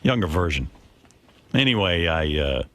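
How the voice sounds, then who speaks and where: A middle-aged man hosting a radio show, telling a self-deprecating, profane story in casual chat with lively quoted voices. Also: low-pitched, normal speed, slight background noise. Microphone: studio broadcast mic.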